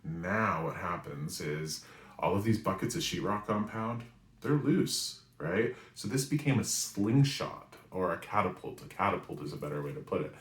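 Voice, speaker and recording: Low-voiced guy in his 40s from new england, storytelling, keeps saying "right?", echoey room. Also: moderate pace. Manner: animated storyteller who often asks "right?". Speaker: spiritual reader and weekly message host. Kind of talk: storytelling monologue. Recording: roomy echo.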